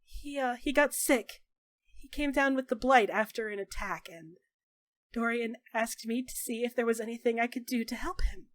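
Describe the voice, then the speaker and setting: A woman voicing a gentle, weary older healer who speaks softly and tenderly. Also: on the high side, normal speed, no echo, studio quality, lightly acted. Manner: soft, hushed, tender.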